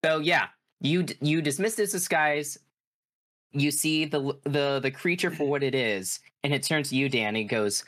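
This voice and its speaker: A man's voice: a little high, moderate pace, fairly bright tone. A man running a tabletop horror game as game master, narrating casually with many restarts.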